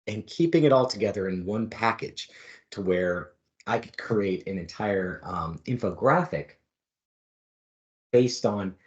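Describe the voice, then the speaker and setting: A man with a fairly low voice walks through a design demonstration as an instructor. He explains in a relaxed, easygoing way, with the odd filler and a light joke. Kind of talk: screen-recorded design demo.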